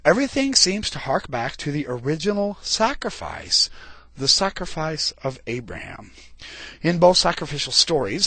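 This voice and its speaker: A man lecturing informally on scripture, swinging his pitch widely for dramatic emphasis. His voice is husky and a little high. The sound is close and dry. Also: no echo. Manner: animated, colloquial asides, dramatic emphasis.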